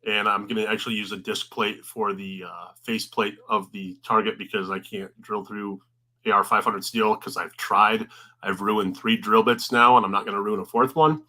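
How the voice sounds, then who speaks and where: A man's voice: fairly low pitch, fairly even intonation, normal speed, pushed and bright. A man co-hosting a podcast, telling rambling casual stories full of "uh" and "um". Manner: rambling storyteller, lots of "uh" and "um". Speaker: podcast co-host.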